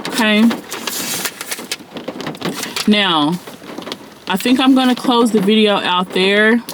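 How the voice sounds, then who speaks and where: A man with a notably high voice speaks straight to his viewers as their spiritual mentor. His talk is loose and rambling, full of "like" and "um" and everyday slang, and it stays sincere and heartfelt throughout. A faint hiss of noise sits under the voice. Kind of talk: casual direct-to-camera vlog talk.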